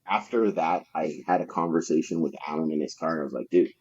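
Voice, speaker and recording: Rumbling low and talking fairly quickly, a man with a darkish, breathy voice guests on a podcast. He casually tells rambling, foul-mouthed stories about his time in sales, stuffed with fillers, and the recording is dull and lo-fi.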